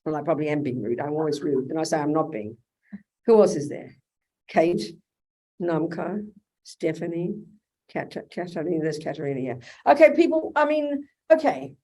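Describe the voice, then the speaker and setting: An older Australian woman giving a Buddhist teaching in a blunt, animated way. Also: low-pitched, normal speed. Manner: blunt, animated, quotes imagined dialogue. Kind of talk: Dharma talk with questions. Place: hotel meeting room.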